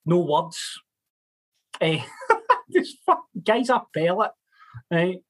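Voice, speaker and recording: A young Scottish man, a guest on a casual podcast, telling animated stories with swearing and laughter. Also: high-pitched, slow pace, slightly rough. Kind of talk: casual storytelling chat.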